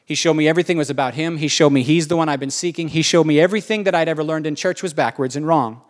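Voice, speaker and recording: Fervent apostle, single-minded, driven, repetitive declarations, a preacher putting him on, fairly high voice. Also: male voice, quick pace, close to an everyday voice. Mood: zealous. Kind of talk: sermon.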